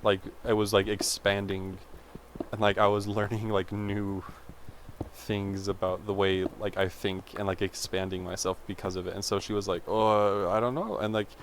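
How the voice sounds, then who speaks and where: A man's voice: low voice, completely flat delivery, moderate pace, slight background noise. A man in his twenties, a vlogger, telling a rambling personal story in a chatty way, full of fillers and tangents. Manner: chatty, self-interrupting, full of "like".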